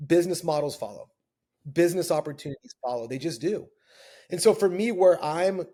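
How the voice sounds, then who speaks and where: A man with a slightly high voice talks as a podcast guest. He tells candid stories with animated, earnest energy and slips into the voices of the people he quotes. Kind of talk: candid storytelling conversation.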